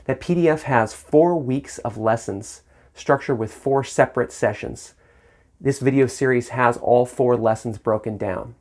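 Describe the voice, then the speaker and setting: A man's voice: medium pitch, unhurried, darkish tone. A man teaching a saxophone lesson on video, patient and encouraging, speaking syllables aloud in rhythm to demonstrate.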